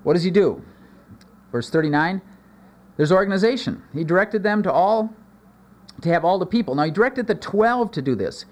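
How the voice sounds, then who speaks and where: A man preaching a sermon as a pastor, earnest, his voice rising for emphasis and dropping low in asides. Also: lively intonation, moderate pace, pauses often.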